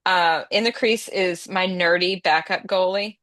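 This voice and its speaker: A woman co-hosting a casual chat, talking about her own novels in a quick, joking way. Her voice sits a bit low for a woman, and it is recorded dry and close with no room sound. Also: fairly even intonation, fairly bright tone, no echo. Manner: quick, chatty, filler-heavy with joking asides. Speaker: podcast co-host and romance author.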